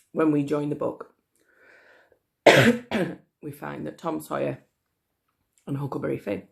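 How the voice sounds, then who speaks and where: A hoarse teacher, chatty and apologetic, coughing now and then, reading a classic novel aloud to pupils online. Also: mid-range voice. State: hoarse, frog in the throat. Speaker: primary school teacher.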